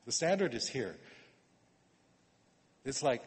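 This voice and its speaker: Male preacher, a bit high-pitched, casual sermon delivery with restarts, echoing hall. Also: lively intonation, normal speed. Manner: conversational, repeats words, swings from quiet to emphatic. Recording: long reverb of a hall.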